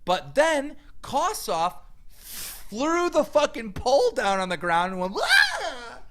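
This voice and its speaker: A man's voice: extremely high pitch, sing-song, takes it slowly, a bit bright, a little hiss or hum. A man ranting angrily and profanely, mocking the person he answers. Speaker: YouTube commentator. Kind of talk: heated rant.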